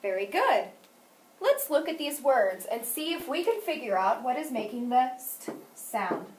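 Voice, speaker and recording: A woman teaching a phonics lesson, speaking clearly and deliberately and stressing each example word. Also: sits high, sing-song, background noise. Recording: echoey room, mic at a distance.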